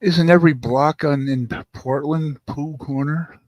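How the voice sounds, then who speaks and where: A man with a gravelly voice in casual chat, making wry, self-deprecating jokes. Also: fairly high pitch, fairly even intonation, unhurried, darkish tone, dry recording.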